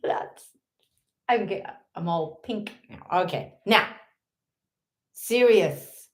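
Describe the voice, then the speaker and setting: A woman from Ireland with an Irish accent, talking casually to her viewers on a live stream. She speaks at an unhurried pace, with a voice sitting a little low. Her manner is playful, with mumbled asides to herself and bursts of giggling. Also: fairly bright tone. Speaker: livestreamer.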